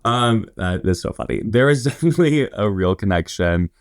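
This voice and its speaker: Speaking fairly quickly and with animation, a man in his twenties from Indiana shares casual stories as a podcast guest, rambling along with many fillers and quoted asides. His voice sits on the low side, and the recording is dry and studio quality.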